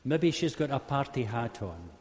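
A man's voice: mid-range voice, sing-song, normal speed, a little mellow, a little hiss or hum. A man preaching a humorous sermon, telling a Bible story and acting out the quotes in varied voices. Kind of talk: sermon storytelling to a live group. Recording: long hall reverb.

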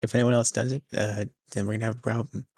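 A young man co-hosting a podcast, chatting casually with dry, deadpan humor. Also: lowish voice, fast, creaky, breathy edge, dry recording. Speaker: podcast co-host. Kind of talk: casual chat.

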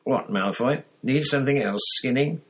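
Man doing a rough-spoken schoolboy. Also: medium pitch, moderate pace, pitched above the performer's own voice. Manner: rough, blunt. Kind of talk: audiobook reading.

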